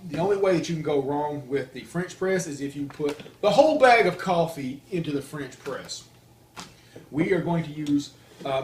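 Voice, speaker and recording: A chatty man with a Southern US accent and a slightly higher-than-usual voice walks through each step in a relaxed, conversational way. He sounds like he is in an echoey room with a faint hiss of background noise. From Deep South, US. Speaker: host, coffee reviewer. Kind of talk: casual demonstration chat.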